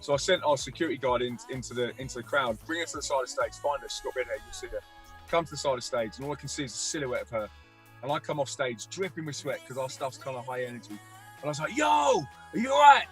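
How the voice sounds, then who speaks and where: A man telling a vivid personal story as a guest, energetic, acting out the voices of people he quotes. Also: medium pitch, fast, faint music behind. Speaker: guest musician and youth speaker. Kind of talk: animated storytelling.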